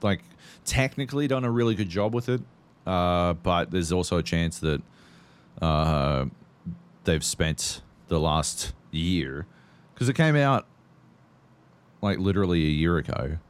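Deep-voiced man, sweary and rambling. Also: a little slow, pauses often, clean tone. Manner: swears constantly, rambling storyteller. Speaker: podcast co-host. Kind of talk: casual gaming chat.

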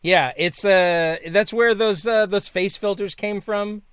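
A man co-hosting a casual chat, rambling with many restarts and dropping deadpan jokes over a video call. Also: sits high, unhurried, clear, resonant tone, dry recording, studio quality. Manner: rambling, self-interrupting, playful deadpan jokes. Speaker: guest co-host.

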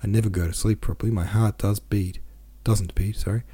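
A man's voice: fairly low pitch, fairly even intonation, a little fast, mellow, husky. A man voicing an anxious, self-pitying middle-aged merchant who rambles in a plaintive, restless way, in an audiobook reading. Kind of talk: audiobook character voice.

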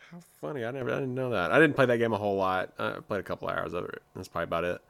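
A man's voice: fairly low pitch, rapid-fire, gravelly, fairly bright tone. A man co-hosting a podcast, chatting loosely about movie trailers with frequent restarts and fillers. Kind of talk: casual chat.

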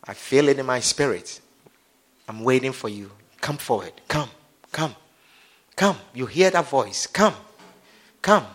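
A man preaching as a pastor, leading an altar call and a prayer in a slow, repetitive, pleading manner. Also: medium pitch, expressive.

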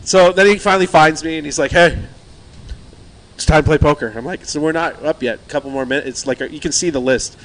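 Guy spinning a drinking story w friends, bit high voice, does the voices, swears a lot. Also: fairly quick. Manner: animated, acts out quotes, laughs often; swears casually. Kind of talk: casual chat.

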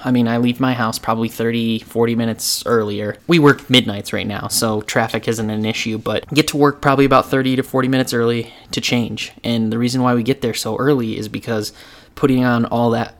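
A man co-hosting a podcast in casual chat, calmly reading a listener's email. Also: mid-range voice, fairly quick. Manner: calm, reads listener email aloud. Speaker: podcast co-host.

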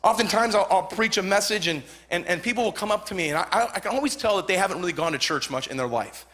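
Male pastor in his forties, Southern Californian accent, high bright voice, fervent sermon delivery with repeated lines. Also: animated, fast talker. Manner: fervent, repetitive, rising to shouts.

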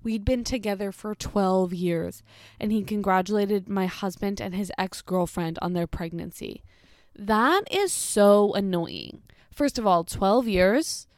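A woman's voice: medium pitch, unhurried, dry recording, studio quality. A young woman chatting casually as she reads out embarrassing stories, blunt and incredulous, swearing freely. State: pregnant. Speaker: storytime creator. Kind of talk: casual chat reading stories aloud.

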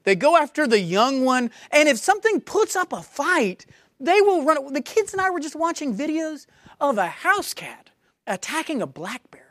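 A woman pastor delivers a sermon, pressing her points by repeating them again and again. Her voice sits a little high and swings widely in pitch. The sound is dry and close, with no room echo. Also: big pitch swings, moderate pace. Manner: emphatic, repeats key phrases for force.

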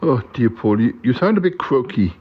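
A man's voice: expressive, moderate pace, slightly rough. A man voicing an anxious companion character who frets and fusses over his friend. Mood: worried. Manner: worried, fussing and high-pitched. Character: anxious, fussing male companion at home. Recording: dull lo-fi sound.

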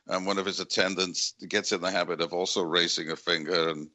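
Male radio host: very deep, crisp, musing and halting. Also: fairly even intonation, bright, forceful tone. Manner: halting and reflective, with many fillers. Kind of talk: radio interview.

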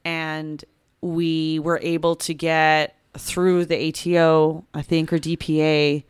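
An earnest woman guest explains what happened, pausing and reaching for words. Her voice is unusually low and very smooth. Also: flat delivery. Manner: earnest, explanatory, with hesitations and 'like' fillers. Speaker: guest, officer's wife. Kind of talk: casual conversational recounting.

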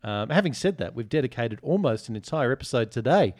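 Teasing podcast host, dry sound. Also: male voice, mid-range voice, expressive, a little fast, a little mellow, no room sound. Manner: joking, teasing, reads listener reviews aloud. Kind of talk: casual chat.

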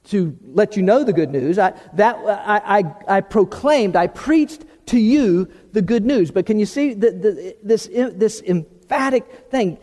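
A man preaching a sermon, emphatic, often restarting words and slowing down on key terms. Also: high voice, darkish tone. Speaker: pastor. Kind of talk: sermon with opening prayer. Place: church sanctuary. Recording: long hall reverb.

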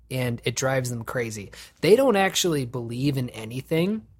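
A man hosting a podcast, chatting casually and profanely, animated and laughing often. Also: mid-range voice. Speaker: podcast host.

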